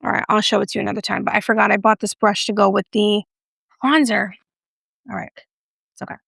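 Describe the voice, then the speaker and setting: A woman's voice: medium pitch, little pitch movement, fast talker, creaky, fairly bright tone, slightly rough, no echo, studio quality. A woman giving a casual makeup review with a playful, chatty manner and joking asides. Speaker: beauty vlogger.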